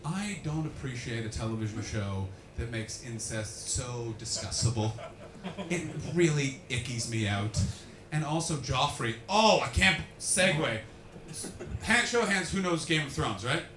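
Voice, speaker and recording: Canadian male stand-up working the crowd, animated and foul-mouthed, in a roomy, reverberant space with faint ambience. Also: mid-range voice, measured pace, slight background noise. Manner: animated, swears freely, acts out voices. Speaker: stand-up comedian. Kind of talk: crowd-work stand-up comedy. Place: comedy venue with a live audience. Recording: echoey room with faint ambience.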